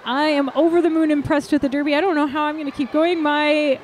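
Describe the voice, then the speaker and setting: A woman announcing roller derby live, excitable and gushing. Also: sits high, fast talker, slight background noise. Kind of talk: live sports commentary.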